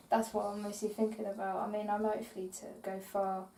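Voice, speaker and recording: A woman co-hosting a casual podcast chat, talking in a relaxed, easygoing way. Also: medium pitch, brisk, a little hiss or hum. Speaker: podcast co-host. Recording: echoey room, distant from the mic.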